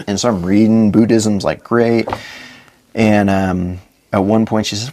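Low-voiced man telling a personal story. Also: fairly even intonation, unhurried, dark tone. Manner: earnest storytelling, acts out his own past dialogue. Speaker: podcast guest. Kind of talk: personal story in a podcast interview.

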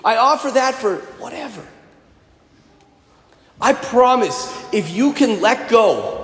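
A man preaching a sermon as a priest in a church, talking in a lively, conversational way with humor and emphatic repetition. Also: extremely high pitch. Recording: echoey church with long reverb.

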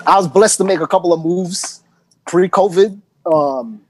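A man's voice: high voice, moderate pace, dry recording. A man with a New York accent, a DJ chatting casually on a podcast, rambling with lots of ums. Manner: rambling, many ums and you-knows. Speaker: guest DJ.

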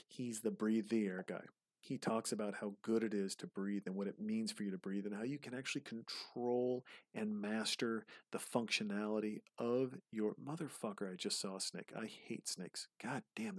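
A man's voice: on the low side, no room sound. A man giving rambling, profane, casual commentary while watching a movie, often drifting into tangents.

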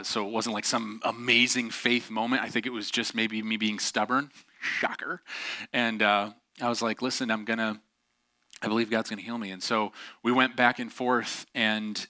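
Male pastor, middle-aged, sermon, candid storytelling, self-deprecating, bright tone, dry sound. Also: lowish voice, no echo.

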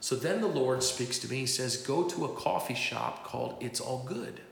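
A man preaching in a storytelling way, with a gravelly, creaky voice. He acts out what others said to him. His voice rings through a large hall with a long reverb. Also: medium pitch, lively intonation, moderate pace. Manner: storytelling, acting out the voices he quotes. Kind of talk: testimony sermon. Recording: echoey hall.

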